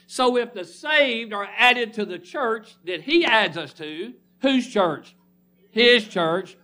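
A man's voice: high voice, lively intonation, takes it slowly, pushed and bright. A man preaching a sermon to a congregation, reading scripture and calling for responses. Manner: emphatic call-and-response preaching. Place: church congregation.

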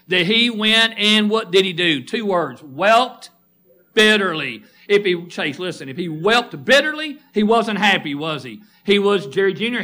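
Forceful high-voiced male preacher. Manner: emphatic, quizzes the congregation with questions; calls out listeners by name. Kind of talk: sermon.

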